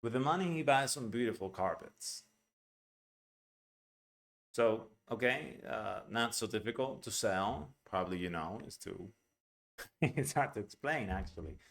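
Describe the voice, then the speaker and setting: A man's voice: lowish voice, animated, unhurried, gravelly, pauses often, a bit bright. A man teaching English pronunciation in an online lesson, talking casually and bluntly and checking in with "right?" as he explains. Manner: chatty, with frequent "right?" and "okay?"; blunt, opinionated asides.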